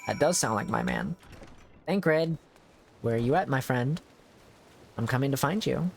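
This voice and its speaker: A man's voice: medium pitch, animated, unhurried, creaky, slight background noise. Jokey male gameplay streamer. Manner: jokey, chats with game characters. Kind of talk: casual gameplay commentary.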